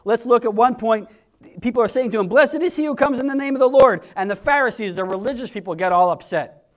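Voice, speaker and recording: A man with a strikingly high voice delivers a conversational sermon. He talks to the congregation directly and throws himself into acting out quoted voices. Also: fast. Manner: conversational, animated, acts out crowd voices. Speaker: preacher.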